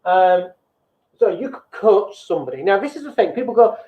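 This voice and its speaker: A man's voice: sits high, big pitch swings, moderate pace. A man hosting a business show, talking bluntly and mocking himself, now and then mimicking people in sing-song voices. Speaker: business coach and show host. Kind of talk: casual motivational talk to viewers. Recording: echoey room over a phone-like thin line.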